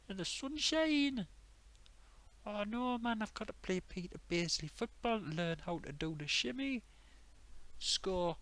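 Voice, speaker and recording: Man doing whiny high lads. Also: a bit bright, full character voice, rough recording.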